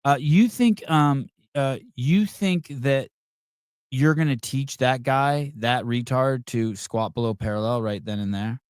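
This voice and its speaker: A man's voice: mid-range voice, measured pace, a little mellow, clean tone, no room sound, clean studio sound. Blunt, profane male podcast host. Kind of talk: live podcast, reacting to videos.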